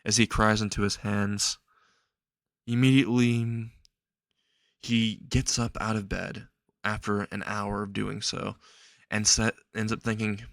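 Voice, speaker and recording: Halting, low-voiced man telling a story. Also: vocal fry, a bit bright, dry recording. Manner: halting, repetitive, with restarts. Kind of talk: improvised fan-fiction narration.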